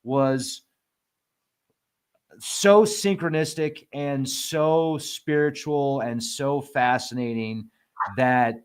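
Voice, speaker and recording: A man hosting a casual podcast, excitable and joking, laughing often. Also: mid-range voice, very slow, clear, resonant tone. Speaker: podcast host.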